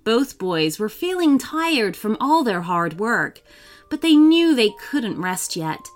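Lively woman reading a children's story. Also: on the high side, slow, soft background music. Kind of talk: scripted storybook narration.

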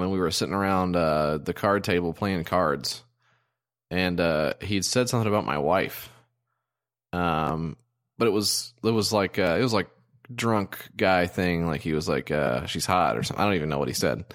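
A man in his thirties co-hosting a podcast in casual chat, rambling with lots of ums and restarts. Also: low voice. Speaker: podcast co-host.

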